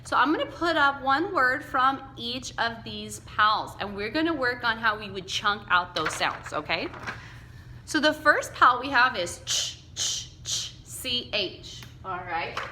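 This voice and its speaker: Slow, bright-voiced woman teaching phonics. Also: fairly high pitch, expressive, echoey room, a little hiss or hum. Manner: slow, patient, sounds out letters and chunks for kids to repeat. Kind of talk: phonics lesson for young children. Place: classroom with whiteboard.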